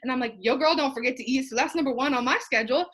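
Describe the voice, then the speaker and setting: Her voice races, high-pitched and fairly bright with a breathy edge, as a feverish young woman gives her sales team a motivational talk on live video. Sweaty yet fired up, she rambles, swears casually, jokes, and laughs through asides.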